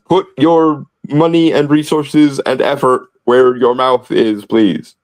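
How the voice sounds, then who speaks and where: A man's voice: medium pitch, flat delivery, slow pace, hardly any pauses, poor audio. A man co-hosting a podcast in casual commentary, sardonic and wordy, often restarting phrases. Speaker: podcast co-host.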